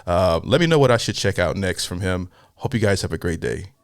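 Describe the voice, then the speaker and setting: Chill guy reacting to a comedy clip, lowish voice, dry close sound. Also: lively intonation, brisk, gravelly, clean tone, dry recording, faint music behind. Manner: laid-back, amused, chatty. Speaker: reaction channel host. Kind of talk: casual reaction commentary.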